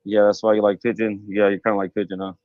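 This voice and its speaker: A man's voice: fairly low pitch, little pitch movement, fast, no room sound, narrow, tinny audio. A man taunting and mocking another guest, calling in to a heated livestream panel. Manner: taunting, mocking, repeats jabs. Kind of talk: heated insult exchange on a livestream. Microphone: phone call.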